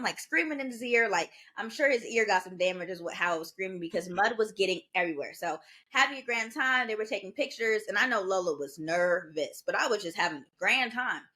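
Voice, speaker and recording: A young woman in her twenties chats casually as a podcast co-host. She tells her story with energy, jumping into the voices of the people she quotes. Her pitch sits in the middle range for a woman. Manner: animated, acts out quoted voices.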